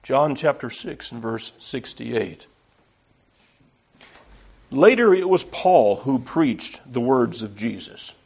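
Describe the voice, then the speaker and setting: A man's voice: medium pitch, big pitch swings, takes it slowly, vocal fry, pauses often, darkish tone, slightly rough. A man preaching an earnest, emphatic sermon and reading scripture aloud. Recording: slightly dull lo-fi recording.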